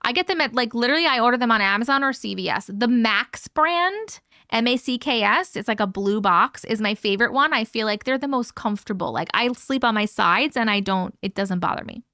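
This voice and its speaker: Bright chatty young woman streaming live. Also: a little high, expressive, fairly quick, no room sound, clean studio sound. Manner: chatty, swears freely, laughs often, many "like" fillers. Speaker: livestream host. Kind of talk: casual live chat reading viewer comments.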